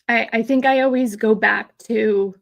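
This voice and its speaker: A woman's voice: a little high, steady tone, measured pace, vocal fry. A woman in her thirties hosting a live stream, chatting in a rambling, emotional way with many fillers and replying to chat. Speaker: host of a live theme park stream.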